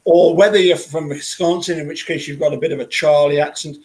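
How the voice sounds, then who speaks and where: Man, slightly high voice, stop-start delivery with lots of repeated words. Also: fairly even intonation, a little mellow. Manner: halting, repeats words often. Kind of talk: casual chat.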